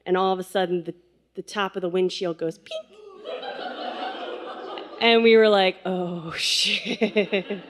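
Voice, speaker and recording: A woman's voice: medium pitch, fairly bright tone. A woman in her twenties telling a personal story live on stage, chatty and laughing, with lots of fillers. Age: 20s.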